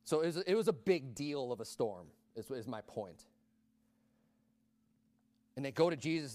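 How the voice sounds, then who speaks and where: A man preaching a sermon in a conversational way, rising to loud emphatic peaks. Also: sits high, very animated, fairly quick, no echo.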